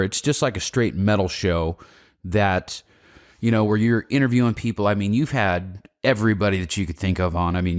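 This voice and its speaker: Blunt, low-voiced male podcast host. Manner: casual and blunt, swears freely. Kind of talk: casual interview chat.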